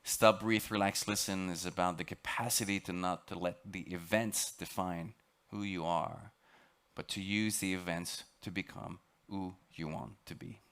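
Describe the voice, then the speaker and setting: A man with a French accent giving a dramatic, emphatic storytelling lecture aboard a ship, sometimes halting and repeating words. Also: sits low, steady tone, a bit bright, clean tone. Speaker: expedition lecturer.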